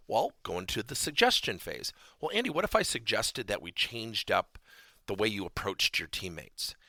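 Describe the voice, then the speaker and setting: A man's voice: fairly low pitch, no room sound, clean studio sound. A man hosting a podcast lesson on coaching, emphatic and acting out example conversations with employees. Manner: animated, emphatic, acts out example dialogues. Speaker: podcast host and coaching trainer.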